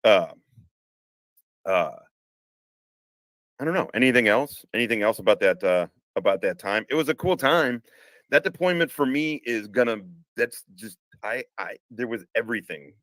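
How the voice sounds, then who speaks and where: A man's voice: lowish voice, animated, moderate pace, fairly bright tone, no room sound, poor audio. A man hosting a live conversation, talking casually with lots of swearing and restarts. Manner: swears a lot, rambling with restarts. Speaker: podcast host. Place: home room, car parked outside.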